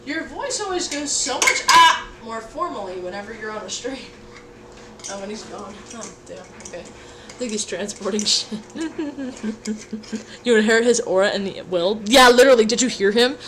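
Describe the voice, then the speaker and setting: Young woman rambling to her stream chat while she cooks, kinda high voice, swears a bunch, sounds far from the mic in an echoey kitchen w/ background noise. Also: animated, moderate pace. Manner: goofy, rambling, swears casually, talks to chat. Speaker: livestreamer. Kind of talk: casual livestream chat while cooking. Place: home kitchen.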